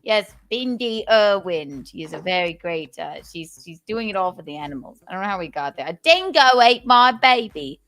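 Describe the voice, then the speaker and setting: A woman's voice: lowish voice, brisk, hardly any pauses. A woman hosting a casual livestream chat, jokey and rambling, swearing and trailing off as she hunts for words. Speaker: host.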